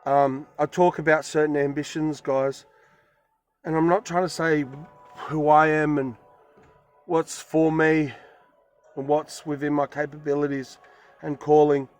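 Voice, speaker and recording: Emphatic rambling man with a high voice. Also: flat delivery, measured pace, pauses often, faint music behind. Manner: rambling, repeats himself, emphatic retelling. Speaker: vlogger. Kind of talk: casual storytelling to camera. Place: van in a forest.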